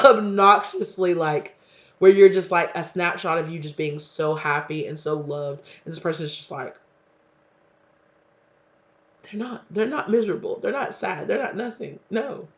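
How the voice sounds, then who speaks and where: A man chats through a casual tarot reading in a slangy, emphatic way. His voice sits fairly high and has a gravelly edge. The recording sounds dull and lo-fi. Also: a little slow, fairly bright tone. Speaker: tarot reader.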